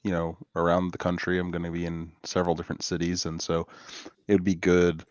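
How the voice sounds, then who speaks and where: A man's voice: low voice, monotone, a little fast, dry recording, dull audio. A man hosting a podcast, talking in a laid-back way with many fillers in casual chat. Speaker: podcast host.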